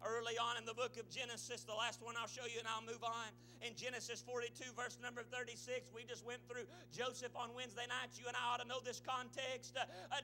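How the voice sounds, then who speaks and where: A male pastor preaching a sermon, swelling into shouts and then dropping to a low, quiet delivery.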